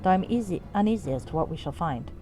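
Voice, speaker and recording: A grave noble paladin lady seeking redemption, as a woman reads her lines. She speaks in a solemn, archaic way, her lowish voice still rising and falling. Game music plays clearly behind. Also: animated, fast, dark tone, close to an everyday voice, low-quality recording.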